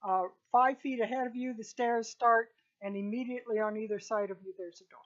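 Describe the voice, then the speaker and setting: A woman narrating a tabletop game as game master, describing scenes in a calm, patient way. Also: on the high side, a little fast. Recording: dull lo-fi recording.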